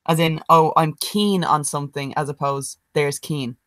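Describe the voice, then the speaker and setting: A woman's voice: sits low, steady tone, moderate pace, dry recording, rough recording. Sweary woman on a call. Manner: blunt, sweary, laughing. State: hungover. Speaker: podcast co-host. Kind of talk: casual chat. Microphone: video call.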